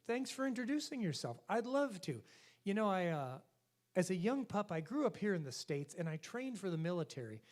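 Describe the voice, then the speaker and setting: A man's voice: high-pitched, very animated, a little fast. A man voicing a chatty, boastful male talking dog in a joke on stage. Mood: eager. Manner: eager storytelling brag.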